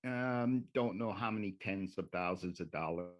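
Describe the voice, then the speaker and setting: A man's voice: low voice, normal speed, slight background noise. A man giving a public comment at a city council meeting, sarcastic and accusing. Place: city council chamber at a podium.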